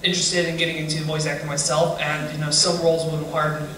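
A man fan nervously asks a panel for advice, halting and speaking in a flat, even voice. He is far from the mic. A heavily echoing hall and loud background noise surround him. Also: on the high side. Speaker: fan asking a question. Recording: very echoey hall, far, noisy.

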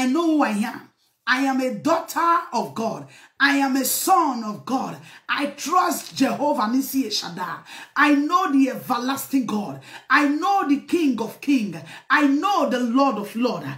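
A woman preacher with a Nigerian accent, leading impassioned prayer with shouted declarations. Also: sits high, reverberant. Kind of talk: fervent prayer sermon.

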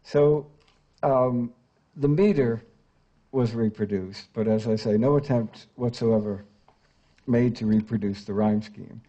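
An older man lecturing in a scholarly, unhurried way and often pausing on "uh" between phrases. His voice has a dark, mellow tone. The sound is slightly dull and lo-fi. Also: medium pitch. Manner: scholarly, with frequent "uh" fillers, reads quoted verse aloud. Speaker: translator giving a talk.

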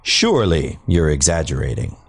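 A man's voice: extremely low pitch, very animated, normal speed, gravelly, breathy edge, heavily acted. A man voicing a friendly, chatty devil with a relishing, amiable way of talking. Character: genial male devil, cheerfully ghoulish.

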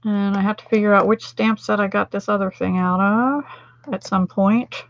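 A woman's voice: mid-range voice, fairly even intonation, moderate pace, highs cut off, a little hiss or hum. Chatty self-deprecating woman crafting live. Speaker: card-making demonstrator. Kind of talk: livestream craft demo, chatting with viewers.

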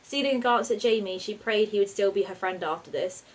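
A woman reading her own storybook aloud in a steady, expressive narration. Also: medium pitch, brisk, low-quality recording.

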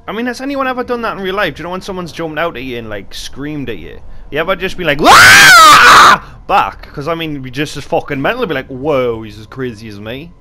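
A man's voice: a little high, big pitch swings, quick pace, few pauses, background noise. A young Geordie man giving joking, chatty game commentary with casual swearing, talking into a desk mic. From North East England. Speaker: gaming YouTuber.

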